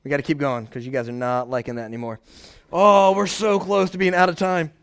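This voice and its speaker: A pastor preaching a casual, animated sermon, often checking in with his listeners. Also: a little high, fairly quick, clear, resonant tone. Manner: conversational, animated, frequent "right?" asides.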